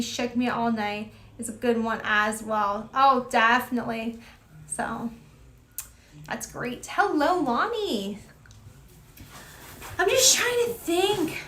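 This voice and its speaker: A woman's voice: fairly high pitch, fairly bright tone. A young woman hosting a live stream, chatting casually, greeting viewers by name and reacting with lots of exclamations. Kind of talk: casual chat reading viewer comments.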